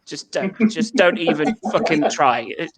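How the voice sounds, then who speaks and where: A man voicing a blunt, exasperated American friend who scolds in a low voice. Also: lively intonation, measured pace, a loud crowd. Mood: scolding.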